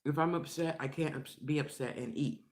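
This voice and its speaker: A woman's voice: low voice, steady tone, a little fast, darkish tone. An older woman chatting frankly into her vlog while she eats, laughing often. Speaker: vlogger. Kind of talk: casual chat while eating.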